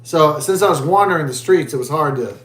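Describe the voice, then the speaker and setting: A man's voice: fairly high pitch, brisk, roomy sound. A man vlogging as he drinks a beer, telling a rambling story in crude, profane, rambling talk.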